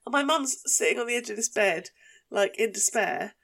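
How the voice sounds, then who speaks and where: A woman with an Essex accent, hosting a podcast and telling a story in an animated, casual way, swearing freely. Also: on the high side, moderate pace, vocal fry, breathy edge. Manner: animated, swears and laughs while telling stories. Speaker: podcast host.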